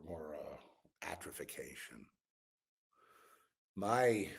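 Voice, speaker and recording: A man hosting his own channel, delivering a rambling spiritual and political monologue with a weary, exasperated tone, drifting at times into low mutters and whispers. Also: creaky, slightly rough. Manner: meandering, musing, drops into low mutters and whispers. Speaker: channel host.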